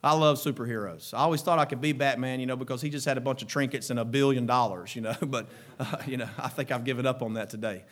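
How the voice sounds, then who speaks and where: A man preaching a fervent sermon, breaking into shouted exclamations and then dropping to quieter, chuckling asides. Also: medium pitch, steady tone, fast talker, hardly any pauses.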